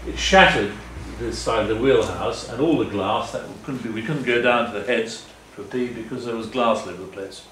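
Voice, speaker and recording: Older man, low voice, earnest rambling talk, echoey meeting hall, faint background noise. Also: brisk, few pauses, fairly bright tone, distant mic. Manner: rambling, self-correcting, earnest. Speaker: guest speaker. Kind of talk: public talk with slides. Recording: echoey room, faint ambience.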